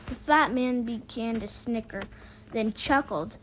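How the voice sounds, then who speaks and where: A woman reading a children's book aloud, lively and voicing the sound effects. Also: a little high, measured pace, a little hiss or hum, poor audio. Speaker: reader.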